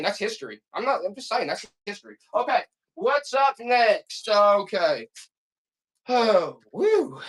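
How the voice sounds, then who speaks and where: A live auction seller hosts a casual live-selling stream, his voice pitched high with a fairly bright tone. Between items he rambles and works himself up into folksy rants, calling his listeners "boy."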